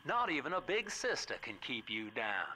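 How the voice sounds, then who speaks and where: An actor voicing a folksy, smooth-talking male schemer in a video game, chatting in a salesman-like way. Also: medium pitch, very animated, moderate pace, over a noisy crowd, close to an everyday voice. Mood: breezy. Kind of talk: game dialogue.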